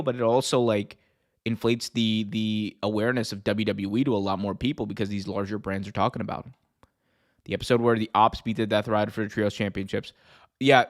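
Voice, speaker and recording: Man, podcast host, casual chat, excitable, lots of fillers. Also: lowish voice. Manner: excitable, heavy use of "like".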